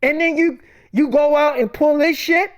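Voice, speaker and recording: A furious aunt unloads on her in-laws in a stream of profane, rapid-fire scolding, as a woman plays her. The voice sits high. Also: fairly even intonation, lightly acted.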